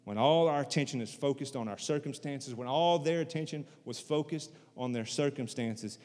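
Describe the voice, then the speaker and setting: A man's voice: mid-range voice, moderate pace, darkish tone, long reverb tail. A man preaching a sermon in a conversational way, repeating phrases for emphasis. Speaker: pastor.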